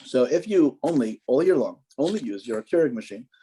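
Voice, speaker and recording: Mellow-voiced rabbi giving casual guidance. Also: male voice, mid-range voice, lively intonation, brisk, slight background noise. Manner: rambling, joking, repeats himself. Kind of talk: informal kosher guidance talk.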